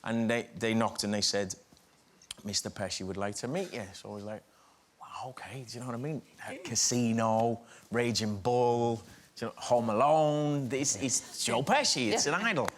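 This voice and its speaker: A middle-aged man with a Liverpool accent, a talk show guest telling an animated anecdote and often asking "do you know what I mean". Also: mid-range voice, moderate pace. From England, Liverpool. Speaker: guest actor. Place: TV studio with live audience.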